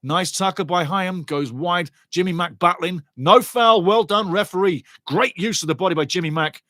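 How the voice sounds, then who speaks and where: A man giving lively, chatty live football watchalong commentary and greeting viewers in the chat. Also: sits high, normal speed, no room sound, clean studio sound.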